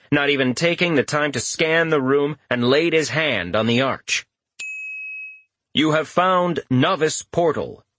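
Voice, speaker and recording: Husky-voiced male audiobook narrator. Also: medium pitch, no room sound. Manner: expressive, animated narration with character voices. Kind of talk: scripted narration.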